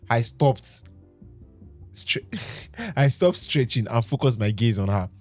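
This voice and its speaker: Over faint background music, a Nigerian podcast host with a medium-pitched voice reads a story dramatically at a slightly slow pace. Now and then he stops to laugh and joke around with his co-hosts in this casual reading.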